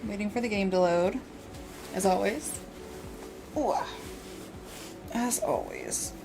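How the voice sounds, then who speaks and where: A woman's voice: medium pitch, measured pace, music in the background. Chatty woman streaming a game. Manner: chatty, playful, rambling. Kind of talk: casual livestream chat. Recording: steady background noise.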